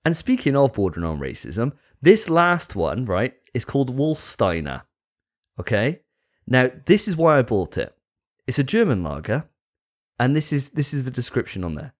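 A man's voice: mid-range voice, very animated, moderate pace. A man hosting a casual podcast chat, joking with crude banter. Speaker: podcast host.

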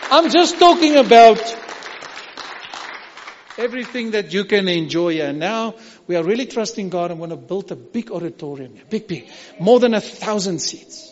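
High-voiced South African pastor preaching. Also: male voice, expressive, a little fast, in a large hall, lo-fi sound, a faint crowd. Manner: emphatic, repetitive preaching with sudden drops to a hush. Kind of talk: sermon.

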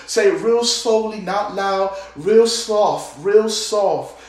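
High-voiced man preaching on an echoey line. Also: slow, far from the mic. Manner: speaks in tongues, chanting and singing, many "uh" fillers. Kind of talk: prophetic prayer line preaching. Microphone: phone line call.

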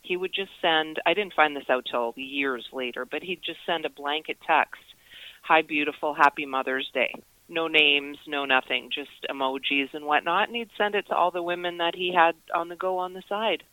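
A woman hosting a casual conversation, giving brisk, affirming advice. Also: low-pitched, steady tone, sharp tone, no room sound, poor audio.

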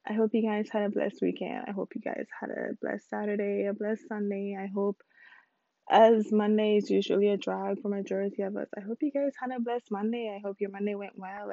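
A woman's voice: mid-range voice, gravelly, mellow, no echo, lo-fi sound. A young woman with Caribbean roots hosting a casual solo podcast, chatty and candid, rambling with fillers. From Caribbean background, lives in Houston. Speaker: podcast host.

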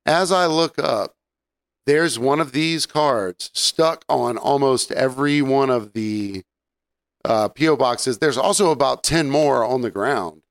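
Smooth-voiced man in casual chat. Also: mid-range voice, takes it slowly, no echo, studio quality. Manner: laid-back, laughs often, clears throat. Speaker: podcast co-host.

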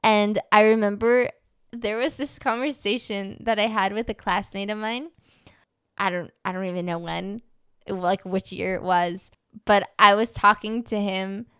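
A young woman co-hosting a chatty podcast, her voice smooth and clear, at an ordinary middle pitch. She rambles along with plenty of fillers, "like"s and false starts. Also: fairly even intonation, measured pace, a bit bright. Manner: rambling, many fillers and restarts. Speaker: podcast co-host. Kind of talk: casual chat.

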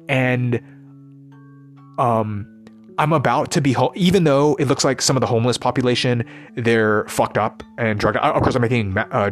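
A man giving a rambling, profane, intense unscripted monologue as a vlogger. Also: mid-range voice.

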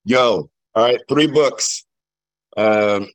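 Casual, folksy man with a lowish voice. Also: measured pace, a bit bright, dry recording. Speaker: sales agent in a group discussion.

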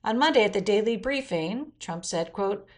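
A woman's voice: medium pitch, animated, moderate pace. A woman hosting a weekly news roundup, reading out quotes and adding blunt opinion asides. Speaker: news commentary host.

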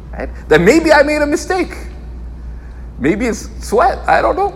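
Expressive male scholar in a reverberant hall. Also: extremely high pitch, unhurried, a little hiss or hum. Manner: expressive, repeats key phrases for emphasis. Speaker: Islamic scholar teaching. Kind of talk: lecture sermon.

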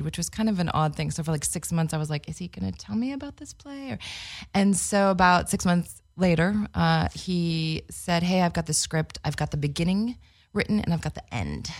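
A woman with a very low, gravelly voice talks about her theater work as a podcast guest. She rambles through stories, laughing as she goes, in a casual, loose way. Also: darkish tone. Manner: rambling storytelling with frequent laughs. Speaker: actor and co-producer.

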